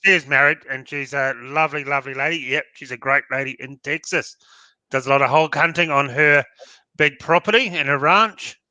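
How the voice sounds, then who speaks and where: A man's voice: mid-range voice, brisk, pushed and bright, dry recording. An Australian man co-hosting a podcast, chatting bluntly and with strong opinions. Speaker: podcast co-host. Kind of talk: casual chat.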